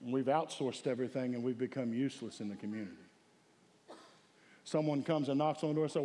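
A man with a medium-pitched, warm voice preaches fast but pauses often. As pastor he is emphatic and calls out for the congregation's responses. The hall is echoey, with long reverb.

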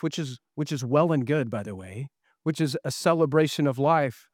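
A man's voice: fairly high pitch, no echo. Earnest male pastor preaching, dry sound. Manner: earnest preaching with rhetorical questions. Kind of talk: sermon.

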